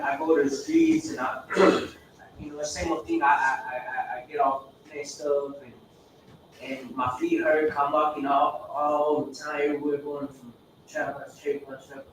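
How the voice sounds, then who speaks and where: A man sharing his recovery story in a group. He rambles, swears, repeats himself and acts out quoted dialogue. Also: a little high. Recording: echoey room from far off with background noise.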